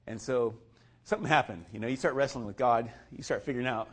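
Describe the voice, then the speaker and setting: Talking fast at a medium pitch, a man tells his personal faith testimony in a relaxed, conversational style. He laughs a lot, leans on casual fillers, and performs other people's lines in animated voices.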